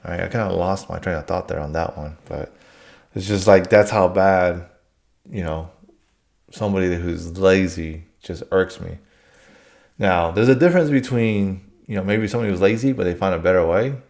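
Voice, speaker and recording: A man's voice: low-pitched, normal speed, creaky, a little mellow. A man telling work stories in a casual monologue, blunt and rambling, swearing freely.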